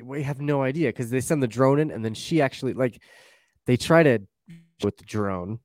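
A man talks casually about a TV series, retelling scenes in an animated way and acting out quotes from them. His voice sits at medium pitch and moves at a normal speed, recorded at studio quality with no room sound.

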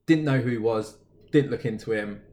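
An easygoing man co-hosting a podcast in relaxed chat. He mostly backs up his friend with short replies, then rambles loosely when he tells his own take. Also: mid-range voice, normal speed. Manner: easygoing listener, brief agreements, rambling when he talks. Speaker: podcast co-host. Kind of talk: casual chat.

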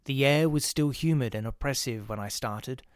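A man narrating a ghost story in a measured, steady reading. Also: mid-range voice, smooth, dry recording, clean studio sound.

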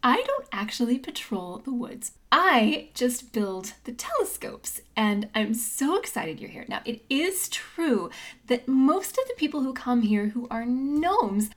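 A woman voicing a cheerful, chatty female gnome who builds telescopes. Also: fairly high pitch. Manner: bubbly, chatty, excited.

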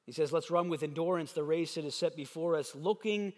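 A man's voice: fairly high pitch, brisk, darkish tone. A man preaching a sermon as pastor, reading scripture aloud with emphatic delivery. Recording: long hall reverb.

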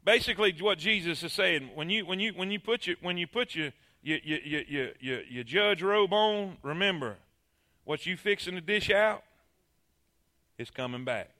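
Bright, high-voiced preacher man. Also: lively intonation, normal speed. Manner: emphatic, calls on the congregation. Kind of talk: sermon.

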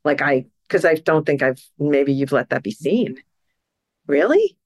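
A woman co-hosting a podcast in casual chat, emotional and quick to laugh as she tells stories. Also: low-pitched, no room sound, studio quality. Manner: emotional, laughs often, animated storyteller. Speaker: podcast co-host.

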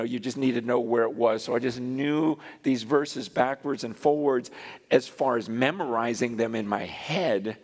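A middle-aged pastor with a medium-pitched voice preaches a sermon conversationally and animatedly, acting out the voices he quotes. A long hall reverb surrounds him.

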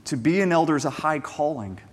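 A man's voice: a little high, expressive, a little fast. Emphatic man preaching a sermon. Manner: emphatic, repeats words, rhetorical questions; conversational storytelling asides. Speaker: pastor.

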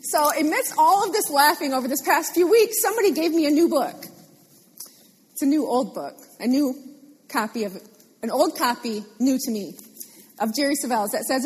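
A woman preaching a sermon in a lively, animated way, repeating phrases for emphasis. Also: high voice, moderate pace. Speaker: pastor. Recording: long hall reverb.

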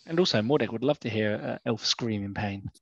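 Excitable man playing a tabletop game. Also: fairly low pitch, vocal fry, no echo, lo-fi sound. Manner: excitable, jokey, quick to laugh. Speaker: player. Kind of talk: casual tabletop game chat.

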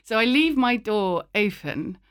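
A woman's voice: mid-range voice, measured pace, clear, resonant tone, no echo, clean studio sound. A woman, a guest in an interview, telling a story animatedly and acting out the voices. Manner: animated, acts out voices in anecdotes. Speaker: guest, actor and writer.

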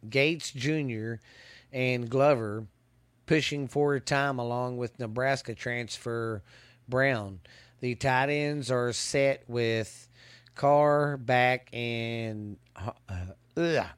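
A man talks through a college football preview at an unhurried pace, often tripping over his words and starting lines again. His voice comes across smooth and clear, and the recording is dry and close. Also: mid-range voice, dry recording. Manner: halting, stumbles and restarts while reading stats. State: hiccups. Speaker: podcast host. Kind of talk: casual sports preview commentary. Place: hot outdoors.

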